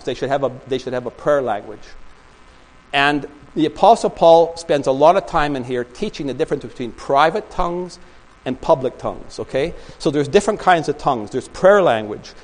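A man's voice: mid-range voice, poor audio. A man preaching a sermon in a small church, telling stories and rambling with many restarts. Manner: rambling storytelling with frequent restarts. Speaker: pastor.

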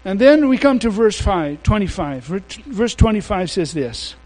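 High-voiced man preaching a casual sermon. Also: sing-song, darkish tone, rough recording. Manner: informal storytelling with casual slang; halting, with many restarts.

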